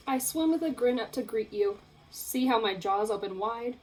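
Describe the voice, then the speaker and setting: A young woman teacher reading a picture book aloud to children, in an expressive, playful storytelling way. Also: fairly high pitch, normal speed, a little hiss or hum, rough recording.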